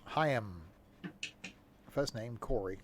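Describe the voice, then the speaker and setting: A man's voice: lowish voice, slow pace, a little hiss or hum. A young man chatting casually as he streams a game, joking and narrating what he does. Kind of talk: casual gameplay commentary.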